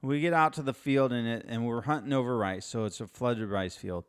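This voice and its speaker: A man's voice: mid-range voice, fairly quick, clean tone. A middle-aged man hosting his own podcast, telling a casual, rambling story with restarts and wry asides. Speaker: podcast host.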